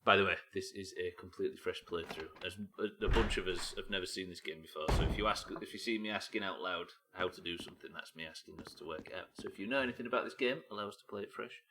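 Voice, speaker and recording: A man's voice: deep voice, quick pace, hardly any pauses, background noise. A man with a Yorkshire accent chatting to his viewers while playing a game, joking and asking questions aloud. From Yorkshire, England. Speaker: streamer. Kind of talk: casual game-stream chat.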